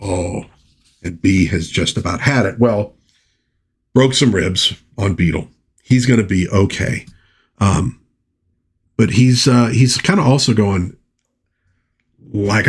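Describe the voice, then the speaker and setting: A man talks through a comic book in a casual review, recapping the plot and stopping for chatty asides. His voice sits on the low side and has a husky edge. He moves easily between summary and reading the panel dialogue aloud. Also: expressive, takes it slowly, pauses often. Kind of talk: casual commentary.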